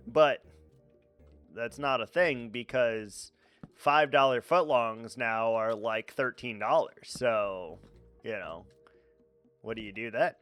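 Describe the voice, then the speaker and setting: A man's voice: mid-range voice, takes it slowly, fairly bright tone, clean tone, no echo. A man chatting casually while streaming a game, rambling, swearing freely and talking to his chat. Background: faint background music.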